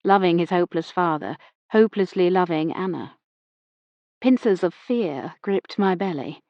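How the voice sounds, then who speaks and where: Low-voiced woman narrating an audiobook. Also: normal speed, no room sound, dull audio. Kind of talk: first-person scripted narration.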